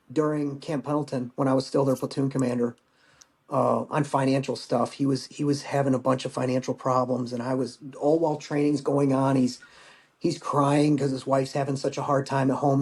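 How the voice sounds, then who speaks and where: A man in his forties, a veteran guest on a podcast, recounting a personal war story in a halting, emotional way with rough language. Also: medium pitch, a little mellow.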